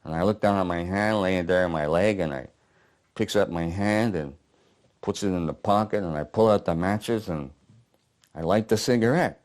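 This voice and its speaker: Man reading a gruff old veteran, low-ish voice, blunt and profane. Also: normal speed, darkish tone, lightly acted. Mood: weary. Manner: coarse, blunt storytelling with swearing. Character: old war veteran, gruff, haunted, working-class. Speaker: playwright reading his play aloud. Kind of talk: dramatic monologue reading. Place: apartment living room.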